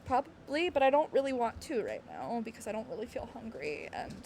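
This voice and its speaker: A woman's voice: a little high, very animated, a little fast, darkish tone, a little hiss or hum. A woman streamer chatting casually on a live stream, bubbly and giggly, rambling with lots of fillers. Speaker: game streamer.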